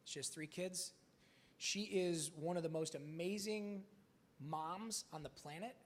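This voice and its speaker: A man's voice: fairly high pitch, unhurried. A man speaking as a motivational speaker at a live event, telling candid stories casually, swearing freely and acting out the dialogue. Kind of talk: live storytelling talk.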